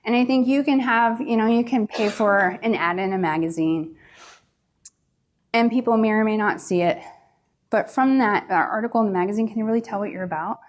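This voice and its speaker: A woman's voice: mid-range voice, fairly quick. A woman from the East Coast who owns a pizzeria, telling her story in a candid, salty way at a conference seminar. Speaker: pizzeria owner giving a seminar talk. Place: large conference room.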